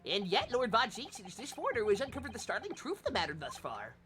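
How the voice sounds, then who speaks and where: A woman voicing a pompous elderly male judge with a stern, booming manner. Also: wildly swooping pitch, fast talker, over loud music. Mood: formal.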